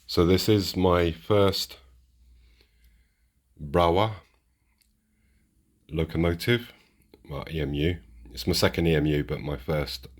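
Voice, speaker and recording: A man chatting casually and rambling as he unboxes and shows off model trains for his channel. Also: rumbling low. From United Kingdom. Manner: chatty and rambling, restarts sentences. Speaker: model railway channel host. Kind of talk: casual chat while unboxing.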